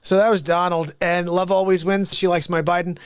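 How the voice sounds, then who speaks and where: A man hosting an unscripted live comedy stream, talking in an excitable, rambling way and often cutting himself off mid-sentence. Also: high voice, a little fast, clear, resonant tone, no room sound, studio quality. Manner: excitable, rambling, self-interrupting. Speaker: livestream comedy host.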